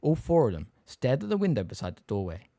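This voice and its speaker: A man narrating an audiobook in an expressive storytelling style. His pitch moves lively up and down through the lines. The recording is dry and close, with no room sound. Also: fast talker, gravelly, no echo. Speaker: audiobook reader. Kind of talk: scripted narration.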